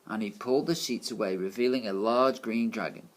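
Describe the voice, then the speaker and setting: A man's voice: lowish voice, fairly quick. Man reading a children's book aloud. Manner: plain storytelling with small stumbles. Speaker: reader.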